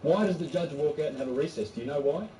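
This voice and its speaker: A man's voice: a little high, fast, mellow, a little hiss or hum. A man giving an emphatic, informal lecture, acting out quotes and often restarting his sentences. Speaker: speaker on court law. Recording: distant mic, echoey room, faint ambience.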